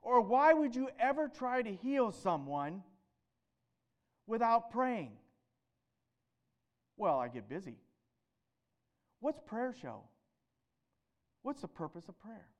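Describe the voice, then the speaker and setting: A man preaching a sermon, animated, asking rhetorical questions and swinging between loud emphatic bursts and quieter stretches. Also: very high-pitched, takes it slowly, long pauses, dull audio.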